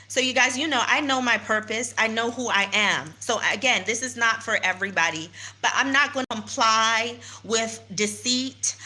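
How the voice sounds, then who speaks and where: A woman's voice: on the high side, sharp tone. An American woman telling her followers what happened, indignant and emphatic, repeating phrases to drive the point home, filming on a handheld phone. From United States. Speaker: vlogger. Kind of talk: personal vlog recounting events to followers. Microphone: handheld phone without stabilizer.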